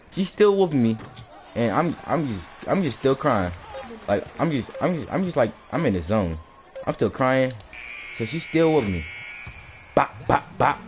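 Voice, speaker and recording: Animated man telling a story. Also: medium pitch, slight background noise. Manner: animated, repeats and restarts, acts out hits with sound words. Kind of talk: casual personal storytelling.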